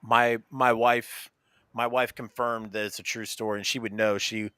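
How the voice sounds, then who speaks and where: A man hosting a casual podcast chat, who swears freely and tells stories in an animated, laughing way. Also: medium pitch, normal speed, clean tone, dry recording. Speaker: podcast host.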